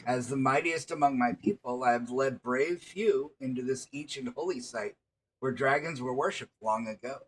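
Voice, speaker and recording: A man's voice: mid-range voice, moderate pace, a little hiss or hum, natural voice, poor audio. Man doing a solemn kobold chieftainess. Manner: clipped broken grammar, solemn. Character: stern female kobold chieftain, broken speech.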